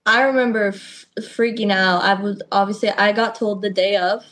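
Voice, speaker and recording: A woman's voice: mid-range voice, normal speed. Young woman telling stories animatedly. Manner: lively storytelling, acts out quotes. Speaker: guest wrestler. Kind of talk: casual interview.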